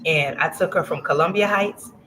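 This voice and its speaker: A middle-aged woman from Louisiana talks as a guest in a casual interview, telling her business story with lots of animation. She acts out what people said to her and laughs often, and clear background noise runs under her voice. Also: sits low, moderate pace, a bit bright. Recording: noisy livestream audio.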